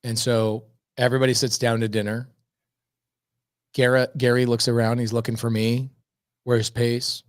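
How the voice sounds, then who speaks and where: Energetic man telling stories in a chat. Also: mid-range voice, normal speed, pauses often, no echo, studio quality. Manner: energetic, emphatic, repeats words for effect. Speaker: podcast guest. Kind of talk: casual storytelling chat.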